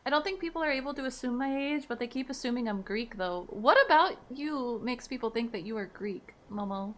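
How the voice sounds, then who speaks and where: A woman's voice: on the high side, expressive, a little fast, a bit bright. A woman in her thirties casually chatting with viewers on a live stream, laughing easily and reading their messages aloud. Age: 30s.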